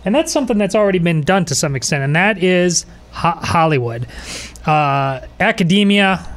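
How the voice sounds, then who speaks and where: A man co-hosting a podcast, speaking haltingly with many restarts and fillers. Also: sits high, animated, a bit bright. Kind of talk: casual podcast talk.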